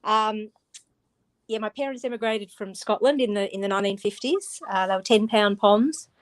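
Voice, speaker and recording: A woman's voice: medium pitch, moderate pace. A woman with an Australian accent, an author chatting as a guest over a video call, talking freely with frequent laughs. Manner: chatty, laughs often, restarts words. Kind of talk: casual interview chat.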